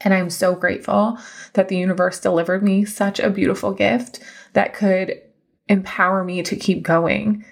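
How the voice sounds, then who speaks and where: A woman's voice: medium pitch, little pitch movement, normal speed, creaky. A woman in her thirties hosting her own podcast, telling a personal story in a chatty, emphatic, heartfelt way. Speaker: podcast host and coach. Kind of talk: casual storytelling monologue.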